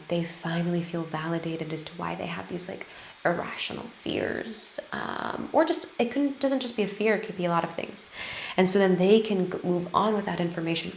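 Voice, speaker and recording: A woman's voice: fairly low pitch, creaky, reverberant, slight background noise. A woman who works as an energy healer, telling a healing story to camera in an earnest, casual way, with frequent restarts. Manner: earnest, trailing restarts and fillers.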